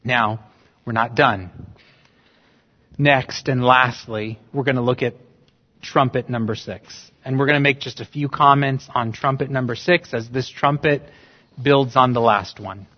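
A man's voice: medium pitch, fairly even intonation, unhurried. A male pastor preaching a sermon, emphatic and full of rhetorical questions. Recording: dull sound with long reverb in a church hall.

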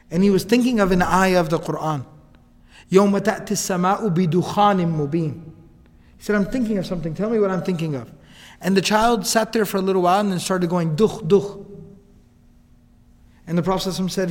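A man's voice: sits high, big-room sound. A man telling a story as a casual lecture, acting out the quoted lines. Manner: animated, acts out quotes, casual asides.

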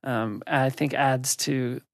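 An American woman co-hosting a podcast, speaking thoughtfully with halting restarts. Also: rumbling low, steady tone, dry recording, studio quality. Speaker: podcast co-host. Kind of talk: casual podcast conversation.

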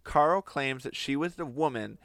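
A man's voice: medium pitch, normal speed, fairly bright tone, no echo. A male podcast co-host casually telling a story, often laughing as he talks.

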